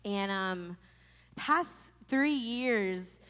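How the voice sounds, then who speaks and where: A woman in her thirties from Florida telling a personal testimony in an emotional, halting way with many restarts. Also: mid-range voice, expressive, a bit bright. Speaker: storyteller sharing a personal testimony. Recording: long reverb.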